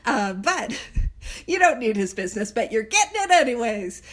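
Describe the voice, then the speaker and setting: A woman's voice: a little high, very animated, moderate pace. A woman hosting a book study, reading passages aloud and explaining them in a chatty way, with laughing asides and frequent restarts. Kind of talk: casual teaching, reading and explaining text. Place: in a vehicle on a video call.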